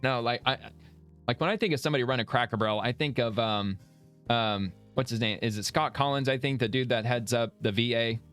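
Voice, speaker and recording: A man's voice: mid-range voice, fairly quick, fairly bright tone, clean tone, faint music behind. A man hosting casual political reaction commentary, blunt and profane, rambling and laughing as he talks. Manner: rambling with many restarts.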